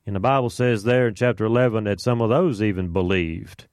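A man's voice: lowish voice, brisk, darkish tone, dry recording, clean studio sound. A man leading a casual Bible study, explaining scripture in a conversational way with fillers and asides.

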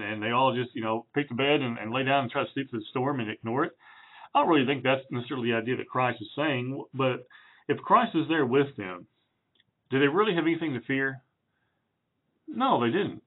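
A man preaching through a Bible passage in a relaxed, chatty way, with fillers and self-corrections. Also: mid-range voice. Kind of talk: conversational Bible teaching. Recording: tinny phone-like sound.

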